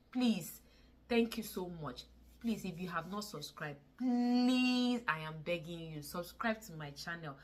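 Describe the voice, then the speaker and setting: A woman's voice: lowish voice, sharp tone. Earnest woman with Nigerian English accent. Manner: earnest and pleading, repeats words for emphasis. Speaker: vlogger. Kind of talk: casual to-camera vlog talk.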